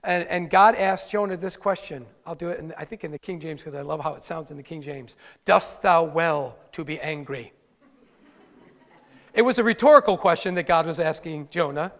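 Guy preaching in church, pretty high voice, chatty with little jokes, long echo off the hall. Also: moderate pace. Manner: conversational preaching with wry asides. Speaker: pastor. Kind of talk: sermon.

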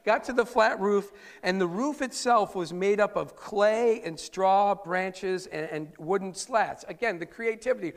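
A male pastor preaching a sermon, telling the story in an animated way with frequent chuckles. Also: high-pitched, measured pace, hardly any pauses. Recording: long hall reverb.

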